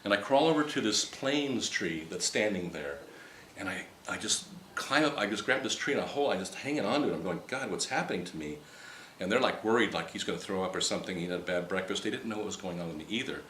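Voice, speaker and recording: A man telling a personal story to a group in casual, animated style, rambling with restarts and acting out the dialogue he quotes. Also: deep voice, fast talker, a little hiss or hum. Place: meeting room with a live audience. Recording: roomy hall with faint ambience.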